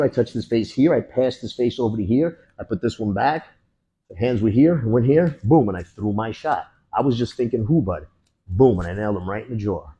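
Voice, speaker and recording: A husky-voiced male instructor runs a hands-on class, talking through each grapple and strike as he shows it. His pitch sits in the middle, and he keeps snapping out boom and bang as the hits land. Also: rough recording. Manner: animated, punctuates moves with boom and bang. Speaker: martial arts instructor.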